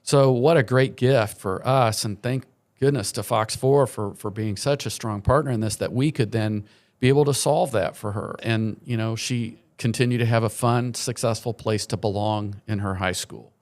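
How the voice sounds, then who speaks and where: A man's voice: lowish voice, normal speed, darkish tone. A middle-aged man, a charity program leader, telling earnest, heartfelt stories as a guest on a morning TV interview in a studio.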